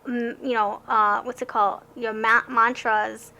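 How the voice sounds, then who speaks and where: A woman's voice: on the high side, flat delivery, unhurried, gravelly, sharp tone, highs cut off. A young woman giving a casual tarot card reading, chatty and rambling, who often stammers and restarts her sentences.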